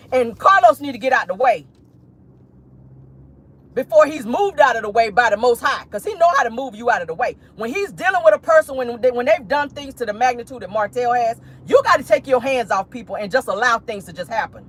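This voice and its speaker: Woman commentary vlogger with a husky tone and an animated delivery; emphatic, preachy, and profane. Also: a little high. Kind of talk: casual pop-culture commentary.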